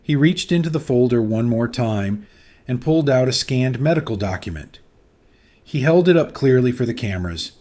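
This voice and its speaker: Man, narrator, dramatic, suspenseful, scripted story, mid-pitched. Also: lively intonation, moderate pace, mellow.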